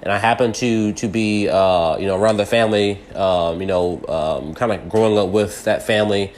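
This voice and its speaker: Rambling low-voiced man in his thirties. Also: steady tone, moderate pace, a little mellow, slight background noise. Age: 30s. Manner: rambling with many restarts and fillers; grows heated and agitated when angry. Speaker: podcast host. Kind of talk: personal reflective monologue.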